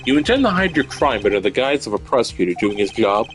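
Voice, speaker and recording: Man voicing a haughty prosecutor for a game, formal, theatrical accusations, lively pitch. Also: fast talker, soft background music, lightly acted. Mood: accusing. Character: haughty, stern male prosecutor.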